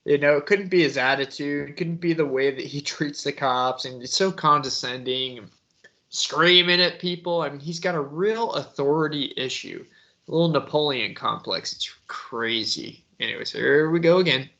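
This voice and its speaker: A man's voice: on the high side, normal speed, bright, forceful tone, lo-fi sound. A man hosting a casual true-crime commentary, scornful and laughing as he talks about the subject.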